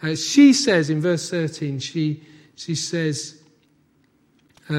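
High-voiced male preacher, hushed to emphatic. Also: lively intonation, takes it slowly, long pauses. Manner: swings from hushed to emphatic, repetitive. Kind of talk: sermon.

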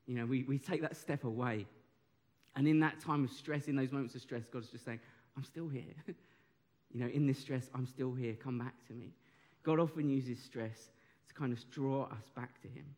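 Male preacher, young, animated and chatty, slightly high voice. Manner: animated, conversational, audience participation. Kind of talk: sermon.

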